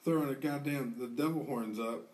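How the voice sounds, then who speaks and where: A man's voice: medium pitch, moderate pace. A man co-hosting a podcast, telling a rowdy story in a casual, profane way and acting out what people said. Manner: animated, profane, acts out quotes. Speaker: podcast co-host. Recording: distant mic in a studio.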